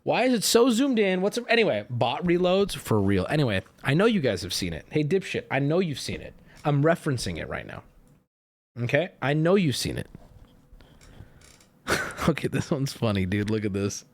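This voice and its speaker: A streamer chats casually with his viewers, rambling and swearing as he goes. He speaks at a normal speed in a sing-song, medium-pitched voice.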